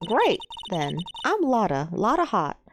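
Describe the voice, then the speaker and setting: A woman's voice: mid-range voice, huge pitch swings, unhurried, music in the background, pitched above the performer's own voice. A woman voicing a brash young country photographer with a put-on American Southern drawl, folksy and teasing.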